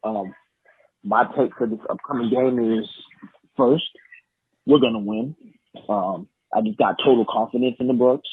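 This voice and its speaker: A man's voice: mid-range voice, fairly even intonation, unhurried, pauses often, breathy edge, no echo. A man leaving a voicemail for a podcast, earnest and confident, with some "um" fillers. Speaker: caller. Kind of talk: phoned-in voicemail. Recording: tinny phone line.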